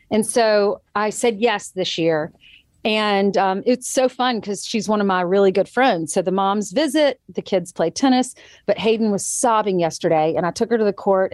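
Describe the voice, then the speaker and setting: A woman's voice: mid-range voice, a little mellow, dry recording. Earnest mother telling a story, dry sound. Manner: earnest storytelling, quoting others in changed voices. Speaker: guest, author and TV co-host. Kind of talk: casual conversation.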